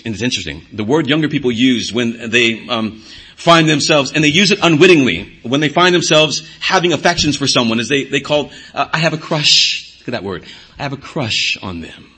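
Bright, husky-voiced male preacher. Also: medium pitch. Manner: earnest teaching, repeats key words for emphasis. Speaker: pastor. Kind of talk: sermon.

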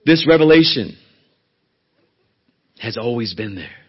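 A man's voice: mid-range voice, expressive, a little slow, husky, muffled recording. A man preaching a sermon as a church elder, pressing hard on key words and then dropping to a near whisper. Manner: emphatic, rising to loud stresses then dropping to a soft hush.

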